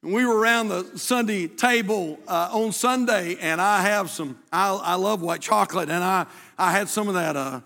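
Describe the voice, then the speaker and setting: A man's voice: sits high, pushed and bright, in a large hall. An older man preaching a sermon as pastor in a church, folksy and emphatic, repeating his key phrases. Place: church sanctuary.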